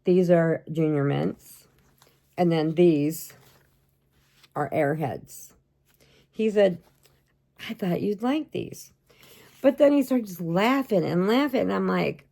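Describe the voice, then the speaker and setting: A woman chatting in a slow, unhurried way with a gravelly, creaky edge to her voice. She rambles from one story to the next as she shows off her happy mail, laughing often. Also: lowish voice, warm tone. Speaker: crochet channel host. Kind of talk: casual chat showing happy mail.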